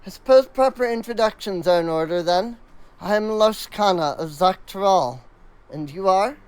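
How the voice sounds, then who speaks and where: A man's voice: high-pitched, expressive, normal speed, smooth, no room sound, rough recording. A man voicing an earnest young woman hunter from a remote village, polite and with a put-on accent. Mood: curious, polite.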